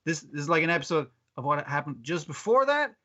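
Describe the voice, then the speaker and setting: Bright-voiced man chatting. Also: a little high, very animated. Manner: chatty recapping, laughs often, quick quoted voices. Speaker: podcast host. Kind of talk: casual chat. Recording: dull lo-fi sound.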